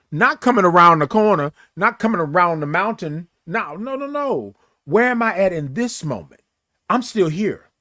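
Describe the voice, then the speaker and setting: A man's voice: high-pitched, fairly bright tone, dry recording, clean studio sound. A man hosting a motivational live stream, talking in a preachy way, repeating his phrases and greeting viewers in the chat. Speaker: host.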